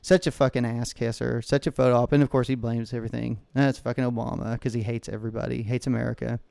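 A man's voice: mid-range voice, flat delivery, fast, gravelly, a little mellow, smooth, no room sound. A man co-hosting a podcast, telling a story in a casual, heavily profane rant. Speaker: podcast co-host. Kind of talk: casual chat.

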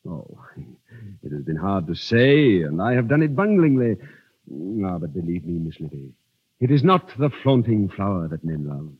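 A man's voice: sits low, big pitch swings, normal speed, husky, no echo, exaggerated voice. A man voicing an earnest, gallant army captain who speaks in a formal, courtly manner in an old radio drama. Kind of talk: 1930s radio drama acting. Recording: muffled old radio recording.

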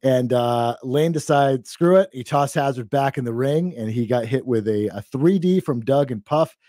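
A man with a mellow, warm voice talks through a recap in a loose, chatty way, full of "uh"s and small laughs. The sound is dry and close, with no room around it. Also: mid-range voice, moderate pace, dry recording. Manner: relaxed, chatty, many fillers and laughs. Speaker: podcast co-host. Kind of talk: casual wrestling recap chat.

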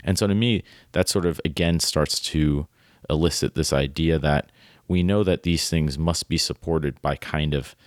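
A man's voice: very deep voice, moderate pace, no room sound, studio quality. A man hosting a podcast, talking through a short story and reading passages aloud in an eager, rambling way, often asking "right?". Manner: enthusiastic, filler-heavy, often tags "right?". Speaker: podcast host. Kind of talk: casual literary discussion, reading quotes aloud.

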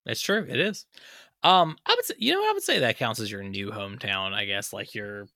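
A man's voice: lowish voice, very animated, fairly quick, bright, forceful tone, dry recording, studio quality. A man hosting a casual podcast interview, teasing his guest and rambling through his questions. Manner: teasing, joking, rambling with fillers. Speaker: podcast host.

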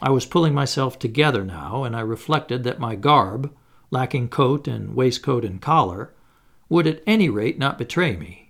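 A man narrating an audiobook in a measured storytelling manner. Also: medium pitch, expressive, vocal fry, a bit bright.

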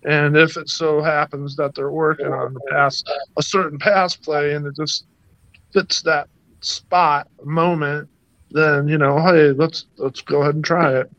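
A man's voice: fairly high pitch, flat delivery, unhurried, a bit bright, dry recording. A man guesting on a sports podcast, hedging as he gives his personal opinions, on a slightly dull lo-fi mic. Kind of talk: casual sports podcast chat.

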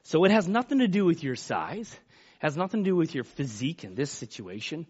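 Guy preaching, high voice, folksy and emphatic, muffled lo-fi sound. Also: sing-song, a little fast, breathy edge. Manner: folksy, emphatic preaching with acted Bible quotes. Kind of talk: sermon. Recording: dull lo-fi recording.

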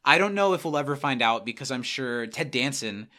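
A man's voice: mid-range voice, expressive, sharp tone. Chatty male podcast host recapping. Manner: chatty, retelling scenes with quick quoted voices. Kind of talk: casual episode recap. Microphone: remote call mic.

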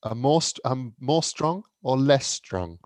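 A man's voice: medium pitch, animated, slow pace, dry recording. Wry, jokey man in a dry recording. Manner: wry and jokey, laughs often. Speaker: co-host. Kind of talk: casual chat.

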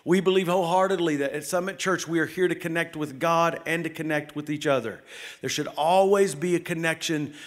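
A man with a high voice delivers an energetic sermon from a church sanctuary. He speaks quickly and excitedly, calling out to the congregation to clap and answer. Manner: fast, excited preaching with calls to the congregation. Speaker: lead pastor.

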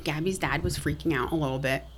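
A woman's voice: deep voice, fast, slight background noise. A middle-aged woman telling a family story frankly and matter-of-factly as a podcast guest. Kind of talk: casual interview talk.

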